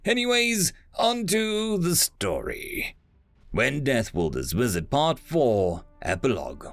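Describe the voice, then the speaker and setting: A man narrating a story aloud in a lively, expressive reading. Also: mid-range voice, takes it slowly, dry recording, soft background music. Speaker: audiobook narrator.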